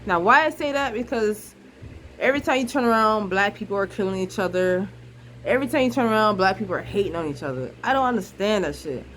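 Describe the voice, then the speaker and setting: A woman's voice: medium pitch, fast talker, a bit bright, slight background noise, poor audio. A young woman venting on a vlog, frustrated and blunt, repeating herself and swearing freely. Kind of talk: emotional casual monologue.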